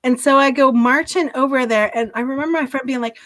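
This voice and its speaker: A woman in her forties with a fairly high voice, speaking as a podcast guest. She recounts a story in a lively, casual way and acts out the voices of the people in it. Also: fast talker, few pauses. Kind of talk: casual conversation.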